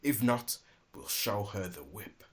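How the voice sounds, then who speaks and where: A man's voice: fairly low pitch, lively intonation, takes it slowly, voice pushed down. Storybook thief voiced by a man: greedy, muttering, gleeful, jeering. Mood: scheming. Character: pair of scheming greedy male robbers.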